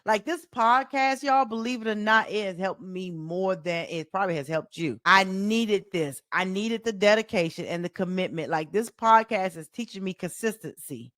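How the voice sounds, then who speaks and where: A woman with a light Southern US accent talks straight into a close mic, coaching her podcast listeners. Her delivery is animated and folksy, and she repeats key phrases like a preacher driving a point home. The sound is dry, with no room echo. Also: mid-range voice, normal speed, few pauses. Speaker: life coach and podcast host. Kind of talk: solo motivational podcast talk.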